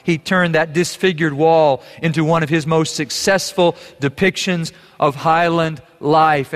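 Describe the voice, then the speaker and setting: Fervent preaching man in a reverberant hall. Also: a little high. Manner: earnest preaching, rising to fervent emphasis. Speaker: pastor. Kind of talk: sermon.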